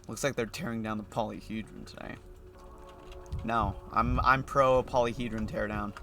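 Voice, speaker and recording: A man streaming a game, reading the dialogue aloud in a calm, earnest way. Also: fairly low pitch, normal speed, soft background music.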